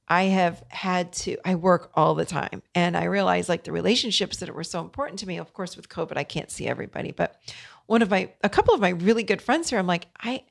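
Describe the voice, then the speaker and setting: A woman's voice: lowish voice, creaky. A middle-aged woman hosting a podcast, talking earnestly and coaching her listeners directly. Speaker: podcast host. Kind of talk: solo podcast talk.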